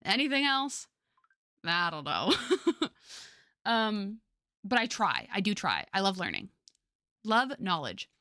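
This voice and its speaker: A woman's voice: medium pitch, very animated, takes it slowly, pauses often, bright, forceful tone, dry recording, clean studio sound. A young woman streamer chatting casually with her viewers, rambling with lots of fillers and frequent laughter.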